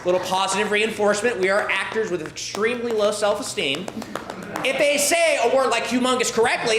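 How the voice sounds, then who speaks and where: A man hosting a live improv comedy show on a theatre stage, warming up the crowd with upbeat, loud calls into a handheld mic. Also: high-pitched, fairly quick. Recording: echoey room, noisy audience.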